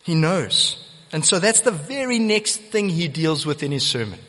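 A man's voice: fairly high pitch, big pitch swings, normal speed, fairly bright tone. A man preaching a sermon as pastor, earnest and emphatic, repeating key phrases for weight. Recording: long church hall reverb.

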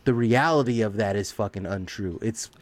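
A man's voice: lowish voice, normal speed, no echo. A man co-hosting a podcast, talking in a rambling, profane way and laughing often. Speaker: podcast co-host. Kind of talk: casual chat.

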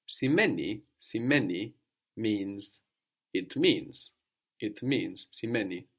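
A man teaching a language lesson, patiently prompting and repeating answers slowly. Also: on the low side, lively intonation, fairly bright tone.

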